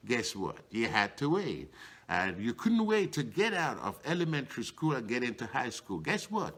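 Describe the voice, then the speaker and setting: A middle-aged man preaching with a lively voice that swings up and down. He talks conversationally, leaning on "you know" and repeated refrains like a pastor working a congregation. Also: normal speed. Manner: rhetorical refrains, swinging pitch up and down. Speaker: bishop preaching. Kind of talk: sermon.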